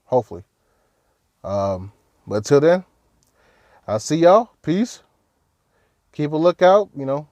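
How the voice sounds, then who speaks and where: A man vents his frustration straight to camera in a casual fan rant. His voice sits high and sounds dry and close. He hammers his points home by saying them again and again. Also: measured pace, pauses often, no room sound. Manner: frustrated, animated, repeats himself for emphasis. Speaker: sports fan vlogger. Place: at work.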